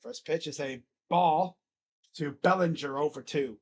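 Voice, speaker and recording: A man's voice: measured pace, slightly rough. Casual young male baseball reaction streamer. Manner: casual, talks to his cat between pitches. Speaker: sports streamer. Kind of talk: live play-by-play reaction stream.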